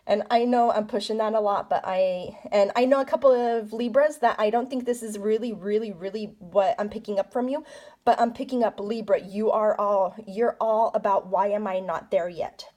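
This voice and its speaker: A woman's voice: medium pitch, moderate pace, a little mellow. A woman giving a casual card reading, talking straight to the listener in a chatty, coaching way full of rhetorical questions. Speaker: tarot card reader.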